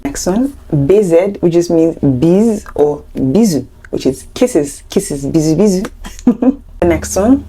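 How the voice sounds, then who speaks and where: A woman with a low, mellow voice teaches a language lesson to camera. She explains each point step by step and chats along with light, playful asides. She sounds young and relaxed. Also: slow pace, breathy edge, faint music behind. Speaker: French teacher.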